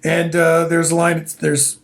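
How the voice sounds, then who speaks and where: A middle-aged man co-hosting a podcast in casual chat, an animated storyteller who bursts into loud laughs. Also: on the high side, unhurried, creaky. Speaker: podcast co-host.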